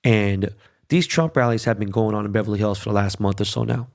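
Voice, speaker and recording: A man's voice: fairly low pitch, steady tone, a little fast, gravelly, darkish tone. A middle-aged man hosting a podcast, telling a casual story in a profane, emphatic, conversational way. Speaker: podcast host.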